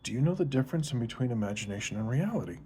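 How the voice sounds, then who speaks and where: A man's voice: mid-range voice, big pitch swings, rapid-fire, warm tone, a little hiss or hum, natural voice. A man voicing a cheeky little schoolboy who delivers a prank in a smug, knowing way. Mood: scheming.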